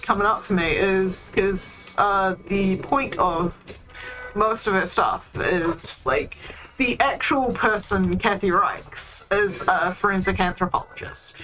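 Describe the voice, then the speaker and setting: Woman co-host, bright sharp tone, loose chatty gameplay banter with plenty of ums. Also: mid-range voice, poor audio. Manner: chatty, laughs easily, lots of ums. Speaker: co-commentator. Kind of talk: casual gameplay chat.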